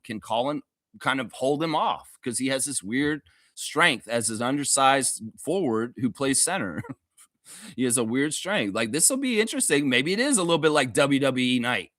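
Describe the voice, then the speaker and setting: A medium-pitched, slightly bright male voice comes through a dry, clean studio recording. He's running a sports fan livestream, delivering profane, sarcastic, heated rants that later loosen into easygoing chat full of laughter.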